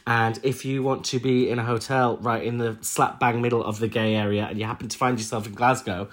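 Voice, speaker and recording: A man's voice: mid-range voice, level tone, brisk, fairly bright tone. A man with a nasal, congested voice, co-hosting a podcast with dry joking chat. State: congested from allergies. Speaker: podcast co-host. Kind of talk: casual comedic chat.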